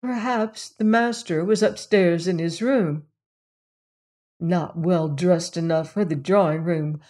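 Woman reading a mystery story real slow, kinda low voice, calm and steady. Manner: measured, unhurried storytelling. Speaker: audiobook narrator and host. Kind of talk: scripted narration of a mystery novel.

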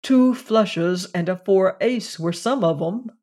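A bored clubman grumbles and yawns his way through his complaint about cards, as a reader puts him on. His voice sits at a middling pitch. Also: takes it slowly, a little mellow. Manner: yawning, grumbling. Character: bored card-playing clubman, man. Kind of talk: audiobook reading of a story.

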